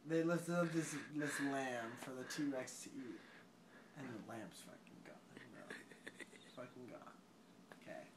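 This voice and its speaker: Drunk young man rambling, lively pitch. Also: measured pace, pauses often, a crowd in the background. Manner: rambling, swearing, laughing, restarting. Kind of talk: drunken movie retelling.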